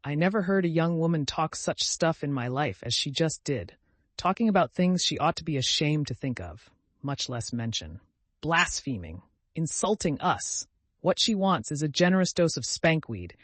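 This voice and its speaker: A man's voice: on the high side, animated, moderate pace, a bit bright, dry recording. A man voicing an irritable older uncle in an audiobook, snorting and indignant. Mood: angry. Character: blustering older uncle, quick to anger.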